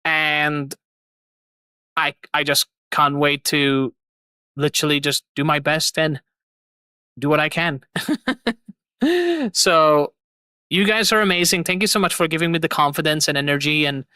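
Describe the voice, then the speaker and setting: A woman's voice: sits low, pushed and bright, clear, resonant tone, dry recording. A young adult woman streamer signing off in casual chat, effusive and rambling, repeating her thanks over and over. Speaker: streamer host.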